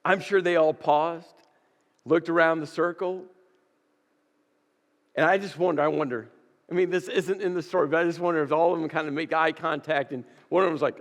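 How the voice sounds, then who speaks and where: A man's voice: fairly high pitch, fairly even intonation, brisk, vocal fry, in a large hall. A man preaching a sermon as pastor, emphatic and repeating key words for weight. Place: church sanctuary.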